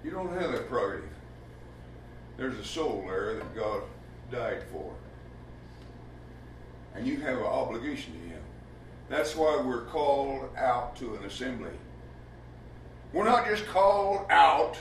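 A man's voice: medium pitch, big pitch swings, measured pace, pauses often, a little hiss or hum. A man preaching a sermon in a folksy, emphatic way, asking rhetorical questions in a church. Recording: echoey room with the mic far off.

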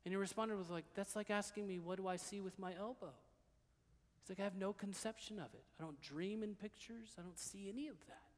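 A man preaching a sermon as pastor, dropping to hushed, quiet passages and then rising to loud, emphatic declarations. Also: high-pitched, brisk, big-room sound.

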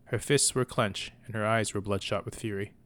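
Male storyteller, fairly low pitch, calm scripted narration. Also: moderate pace.

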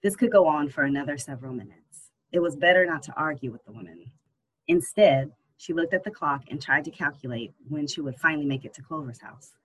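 An audiobook narrator tells a novel in a steady, even storytelling manner. The voice is husky and sits at a middling pitch. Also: quick pace, few pauses, poor audio. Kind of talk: scripted narration.

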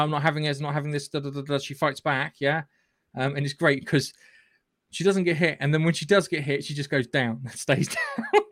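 A podcast host recaps a film in a casual chat, rambling, swearing, and restarting often. His mid-range voice comes through clean studio sound with no room sound.

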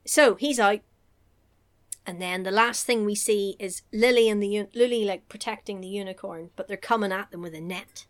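A woman hosting a casual chat, recapping a story in an animated, joking way and laughing often. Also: medium pitch, normal speed.

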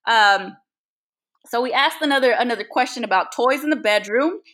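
Bright-voiced woman telling a candid story. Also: high voice, quick pace. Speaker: podcast co-host. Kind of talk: casual chat.

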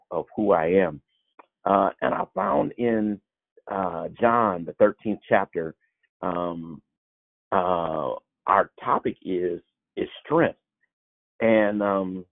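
Gravelly husky man teaching scripture. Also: deep voice. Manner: halting, many fillers and restarts. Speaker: small-group teacher. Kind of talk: informal Bible teaching. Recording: tinny phone-like sound.

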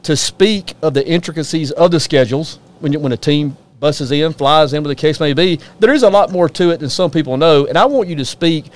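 A man's voice: a little high, a little fast, hardly any pauses. A man hosting a casual sports talk show, folksy and opinionated, ribbing his guests.

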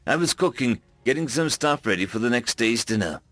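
A man voicing a shaken human man who sees himself as a coward, telling his story in a rueful, halting way. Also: mid-range voice, animated, fairly bright tone, dry recording, faint music behind, close to an everyday voice.

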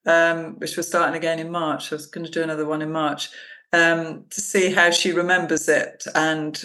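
A woman's voice: sits low, level tone, normal speed, bright, forceful tone. A woman co-hosting a podcast, talking in an easygoing, slightly hesitant way with lots of tag questions. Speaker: podcast co-host. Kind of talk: casual podcast chat.

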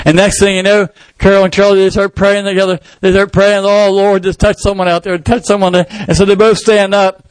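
A man's voice: sits high, dry recording, rough recording. A male pastor preaching a sermon, telling a story and acting out the people in it in different voices. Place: church sanctuary.

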